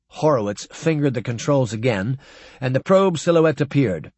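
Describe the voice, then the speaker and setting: A man narrating a science fiction audiobook in an expressive way. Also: medium pitch, normal speed, no echo.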